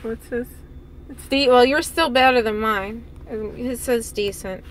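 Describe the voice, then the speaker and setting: A woman vlogging casually who gushes with excitement and laughs often. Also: on the high side, measured pace, a little hiss or hum. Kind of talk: casual excited vlog chat.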